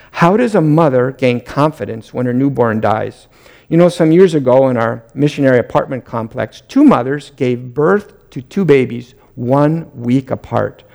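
A man's voice: mid-range voice, gravelly, a little mellow. A middle-aged man, a pastor, preaching an earnest sermon, often lifting his voice on emphatic questions.

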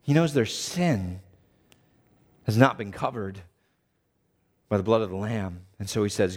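A man preaching a sermon, animated, acting out the voices of the people he quotes. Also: fairly low pitch, unhurried, long pauses.

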